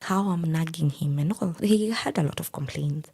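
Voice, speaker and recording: Hushed, husky woman. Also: normal speed. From Kenya. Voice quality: low, hushed and breathy, half whispered. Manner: plain, deadpan retelling of painful events. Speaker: podcast guest telling her story. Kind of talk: candid personal storytelling.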